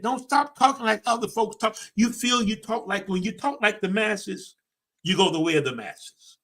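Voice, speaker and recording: Emphatic motivational speaker, bright voice. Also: male voice, high-pitched, moderate pace. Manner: preachy, emphatic, folksy, addresses listeners directly. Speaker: personal development coach. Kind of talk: motivational livestream talk.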